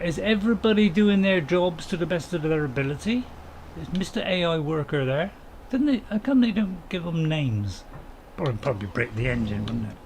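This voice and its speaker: A middle-aged man gives chatty, jokey live-stream commentary, chuckling and reading his viewers' messages aloud. His voice sits a little higher than most men's. A faint hum of ambient noise runs under his desk mic. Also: rough recording. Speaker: gameplay streamer.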